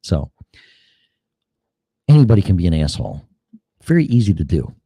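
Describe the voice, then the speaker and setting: A man's voice: sits low, sing-song, normal speed, dark tone, husky, dry recording. A man hosting a show, delivering a blunt, heated political monologue full of swearing and mocking asides. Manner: blunt, heated, swears often, mocks opponents in put-on quotes. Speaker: podcast host.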